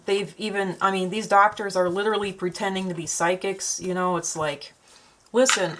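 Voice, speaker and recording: A woman's voice: on the low side, fairly bright tone, poor audio. A woman with a northern Minnesotan accent, talking in a rambling, chatty way to her own camera at home while she paints. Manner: meandering, chatty, many fillers and restarts. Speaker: vlogger and artist. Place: at home, indoors. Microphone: camera she set up herself.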